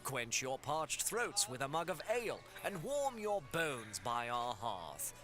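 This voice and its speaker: A man's voice: medium pitch, big pitch swings, a little slow. A man's synthetic voice playing a posh male innkeeper who welcomes guests with formal, ornate words. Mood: grand. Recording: clear music behind.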